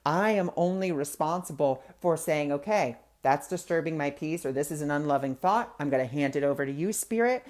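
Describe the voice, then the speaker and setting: A man's voice: on the high side, a little mellow. A man hosting a spiritual talk show, telling personal stories in an earnest, conversational way and acting out the people he quotes. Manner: loose filler-heavy phrasing. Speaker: host of a spiritual discussion show. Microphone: webcam or phone mic, livestream.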